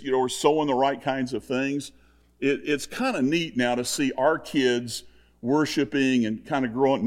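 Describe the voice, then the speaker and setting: An older man delivers a sermon in an earnest, conversational way, circling back to the same simple points again and again. His voice sits at an ordinary pitch for a man, neither high nor low. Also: darkish tone. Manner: earnest, conversational, repetitive exhortation. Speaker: preacher.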